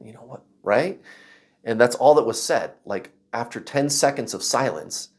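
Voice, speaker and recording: Animated man telling a story. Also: mid-range voice, measured pace. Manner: animated, acts out voices and shouts while telling a story. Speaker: vlogger. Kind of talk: casual storytelling.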